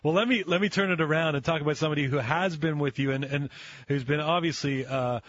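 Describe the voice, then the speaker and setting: Husky male interviewer, lo-fi sound. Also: fairly high pitch, a bit bright, no room sound. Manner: friendly, laughs along, halting restarts. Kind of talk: interview questions.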